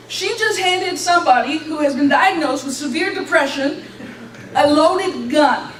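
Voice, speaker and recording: A young woman with a high voice tells her testimony in a church hall, animated and quick to laugh as she acts out each voice in her story. She sounds distant from the mic, and the room rings with echo under a faint hiss. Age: young adult. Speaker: graduate giving a testimony.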